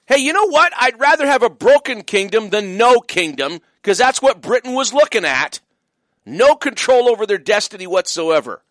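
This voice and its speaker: A man's voice: sits high, fairly bright tone, dry recording, clean studio sound. Emphatic, mocking talk radio man. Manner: emphatic, mocking, many fillers. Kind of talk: opinionated radio monologue.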